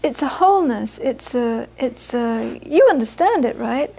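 A woman teaching Buddhism to a live audience, moving from lively anecdotal storytelling into quiet, reflective teaching. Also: fairly high pitch, a little slow, gravelly, a little hiss or hum. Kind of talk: dharma talk to a live audience.

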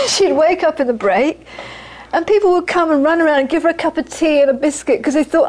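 High-voiced woman giving a dharma talk. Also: animated, moderate pace, darkish tone. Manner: earnest, repeats phrases for emphasis, laughs often. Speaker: Buddhist teacher. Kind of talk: dharma talk to a live audience.

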